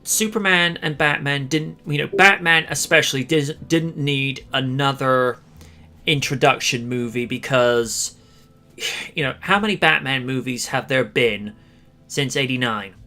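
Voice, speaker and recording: Bright, rambling male host. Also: medium pitch, measured pace, soft background music. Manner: rambling, hesitant, with many fillers and dry jokes. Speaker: podcast host. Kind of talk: casual chat.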